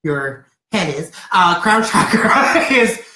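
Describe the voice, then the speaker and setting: A woman's voice: fairly low pitch, slow pace, roomy sound. A woman giving a playful, giggly live-stream card reading. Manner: giggly, playful, animated delivery. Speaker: card reader.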